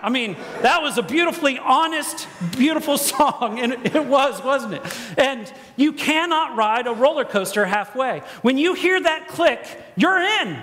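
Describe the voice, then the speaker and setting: High-pitched male preacher, animated storyteller, recorded in a reverberant church. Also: measured pace. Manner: storytelling, animated, acts out quoted voices. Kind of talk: sermon. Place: church sanctuary.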